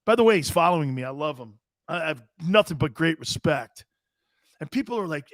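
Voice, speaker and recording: A man hosting a live sports talk show and reading viewer chat, loud, jokey and profane, laughing often. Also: a little high, dry recording, studio quality. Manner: rapid, excitable banter.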